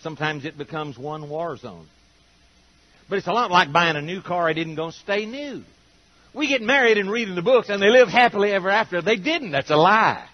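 An older preacher delivers a folksy sermon full of joking asides and acted-out dialogue. His voice sits fairly high for a man and swings widely in pitch. The recording sounds muffled and lo-fi. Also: expressive, fairly quick. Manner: folksy, humorous storytelling with acted-out quotes. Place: church auditorium with congregation.

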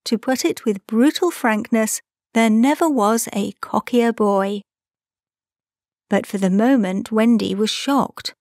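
A woman narrating a classic children's storybook as an audiobook reader, measured and expressive. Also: on the high side, no room sound, studio quality.

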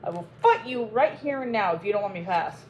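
A woman reading aloud, voicing a brash young male army captain who is boastful and quick to fight. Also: mid-range voice, expressive, darkish tone, slight background noise, lightly acted, poor audio. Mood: brash, challenging.

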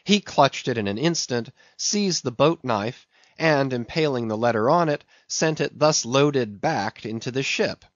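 A man narrating an audiobook in a measured, steady reading voice. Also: medium pitch, no room sound. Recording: dull, dry recording.

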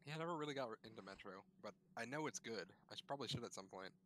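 A man's voice: medium pitch, expressive, very fast, fairly bright tone, slight background noise. A man co-hosting a casual gaming podcast who throws in dry, sarcastic quips.

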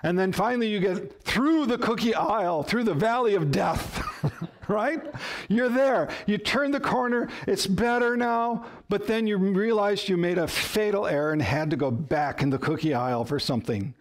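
A man preaching a sermon in a relaxed, chatty style. His voice sits a bit high for a man. He tells stories and puts questions to the congregation with a light touch of humor. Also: normal speed. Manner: conversational storytelling with humor and rhetorical questions. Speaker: pastor.

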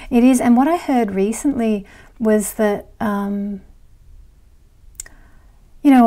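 Mellow-voiced chatty woman vlogger. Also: mid-range voice. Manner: rambling and chatty, with frequent fillers and laughs. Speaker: astrology vlogger. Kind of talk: casual chat reading viewer comments.

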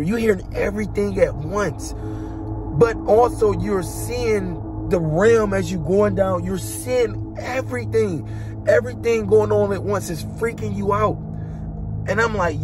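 A man's voice: high voice, unhurried. A young man giving an emotional personal testimony in a colloquial, dramatic way, with spoken sound effects. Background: instrumental music.

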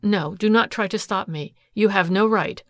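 A woman's voice: medium pitch, dry recording, studio quality, natural voice. A woman reading a guarded, bitter adventuress. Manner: measured, quietly sad.

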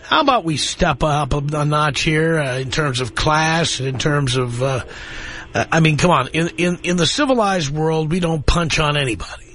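A man's voice: fairly high pitch, animated, moderate pace, fairly bright tone. A middle-aged man hosting a call-in radio talk show, blunt and lecturing, with dry sarcasm toward callers.

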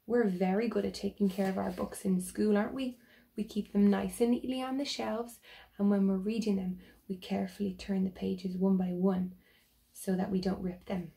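A woman teacher reading a picture book aloud to children, slowly and gently, and stopping to ask them questions. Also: mid-range voice, vocal fry.

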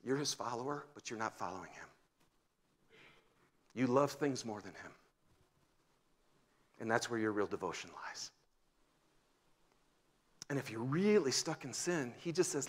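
A man's voice: mid-range voice, lively intonation, measured pace, pauses often. Man in his fifties preaching a sermon. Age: 50s. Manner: storytelling with wide swings from loud to hushed. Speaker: pastor. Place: church sanctuary.

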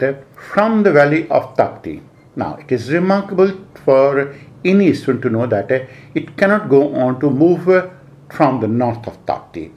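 A man's voice: mid-range voice, darkish tone. A man with an Indian English accent giving a lecture. He talks in repetitive phrasing with frequent "uh" and "eh" fillers. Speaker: geography teacher. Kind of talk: explanatory lecture.

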